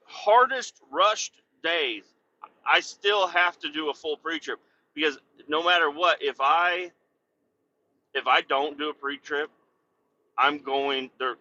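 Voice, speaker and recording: A man's voice: on the high side, a little slow, sharp tone. Cursing, rambling trucker man. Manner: rambling, heavy cursing, laughs at his own stories. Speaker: truck driver and podcast host. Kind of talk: casual storytelling chat. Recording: dull lo-fi audio.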